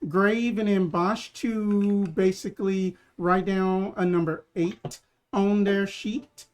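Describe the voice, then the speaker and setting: Laid-back gm rambling through a scene, lots of "you know" and "like", mid-pitch voice. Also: fairly even intonation, slow pace, a little mellow, clean tone, faint music behind. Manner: rambling, many fillers and restarts; easygoing, joking with players. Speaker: game master. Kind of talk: narrating a tabletop game.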